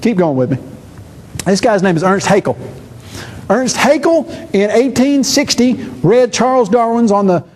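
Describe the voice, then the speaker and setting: A man giving an animated church seminar lecture, acting out quoted speakers with quick shifts of voice. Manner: lively, acts out quoted speakers with shifting pitch.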